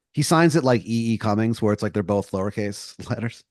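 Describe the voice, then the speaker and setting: A man's voice: fairly low pitch, lively intonation, a little fast, a little mellow, dry recording, studio quality. A man co-hosting a comedy podcast, improvising a rambling story with lots of restarts. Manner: rambling, full of likes and restarts. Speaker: podcast co-host.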